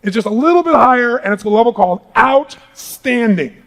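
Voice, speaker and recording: Booming gravelly male motivational speaker. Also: fairly quick. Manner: booming, energetic, swinging from hushed to shouting. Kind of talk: live motivational seminar talk. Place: large hall with live audience.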